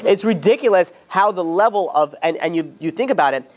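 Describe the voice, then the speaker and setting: A man hosting a casual religious panel discussion, talking in an animated, rambling way with many restarts and exasperated asides. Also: sits high, a little fast.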